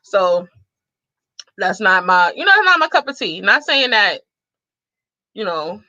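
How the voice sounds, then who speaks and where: A woman, telling a sassy, animated story to her viewers and laughing often. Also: mid-range voice, takes it slowly, no room sound, muffled recording. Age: 30s. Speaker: vlogger.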